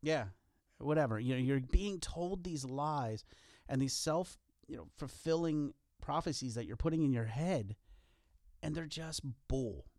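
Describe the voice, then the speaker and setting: Male podcast co-host, earnest and joking, very expressive pitch, dry studio sound. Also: a little slow, dry recording. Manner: earnest, lively, self-deprecating jokes. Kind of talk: casual motivational podcast talk.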